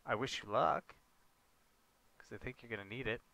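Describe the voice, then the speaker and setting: A man's voice: mid-range voice, fairly even intonation, normal speed, vocal fry, sharp tone, no echo. A man chatting casually with his viewers while livestreaming a game, joking and talking to them by name. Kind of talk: casual gameplay livestream chat.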